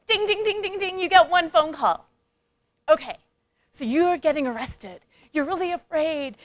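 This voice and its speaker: Woman, high voice, coach giving a motivational conference talk, playful and interactive. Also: no room sound. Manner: lively, playful, engages audience with questions; acts out quoted voices. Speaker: speaker and coach.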